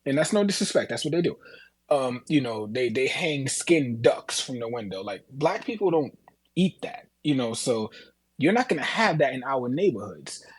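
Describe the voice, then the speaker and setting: New Yorker, husky voice, dry sound, relaxed talker. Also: male voice, mid-range voice, normal speed, no echo. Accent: New York. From New York. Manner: laid-back, explains with many fillers. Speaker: call-in speaker. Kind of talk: casual chat in an audio chat room.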